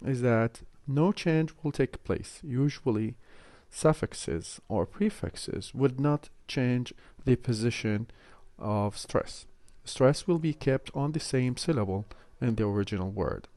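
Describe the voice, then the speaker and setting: Male lecturer, mid pitch, mellow tone, dry close recording; measured teaching delivery with hesitations. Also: no room sound. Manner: measured, explanatory, frequent "uh" hesitations. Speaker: university phonetics lecturer.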